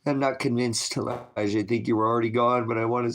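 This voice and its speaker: A man's voice: medium pitch, fairly even intonation, fast. A man recording an emotional video message as a father, distraught and self-blaming, his voice breaking as he struggles to hold himself together. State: crying, struggling to keep composure. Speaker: father making a video appeal.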